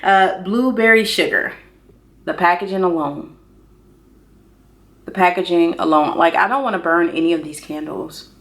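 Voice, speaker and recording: A woman chatting casually through a candle haul review, excitable and talkative, jumping up high when she gushes. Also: normal speed, pauses often. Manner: chatty and excitable, says y'all, jumps high in pitch when gushing. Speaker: beauty and candle vlogger.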